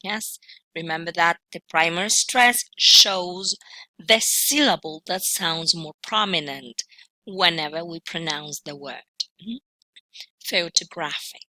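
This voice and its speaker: Slow, careful woman teaching pronunciation. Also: on the low side, sharp tone, no room sound, rough recording. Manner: slow, deliberate, checks in with a questioning "mm?" after each point; models words by sounding them out syllable by syllable. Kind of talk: recorded online lesson.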